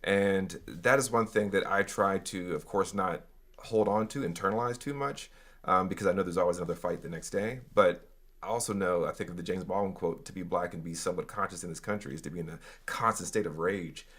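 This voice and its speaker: A man with a notably deep voice talks as a guest in a podcast conversation. He speaks thoughtfully and measuredly, stopping often with fillers as he works through ideas. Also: a little fast, a bit bright. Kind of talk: conversational interview.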